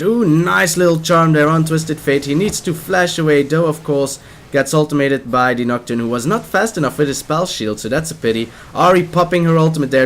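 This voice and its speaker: A young man casting a ranked online game match with play-by-play commentary, joking asides and sentences that trail off. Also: a little high. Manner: playful, jokey asides, trails off mid-sentence. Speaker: game caster. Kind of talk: live esports play-by-play commentary.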